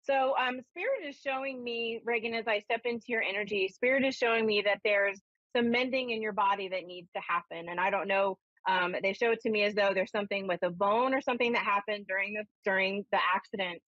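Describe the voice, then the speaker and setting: A woman medium talks in a chatty, storytelling way on a live call-in show. Her voice sits at a middle pitch. The sound is dry and close, but dull and lo-fi like an old broadcast. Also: brisk, no echo. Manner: chatty storyteller, animated when quoting herself. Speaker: spiritualist minister and medium.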